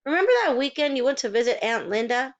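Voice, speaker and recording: A woman's voice: high-pitched, animated, fast talker, voice pushed up. A woman voicing an earnest, doubtful boy of about ten who asks a lot of questions. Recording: dull lo-fi recording.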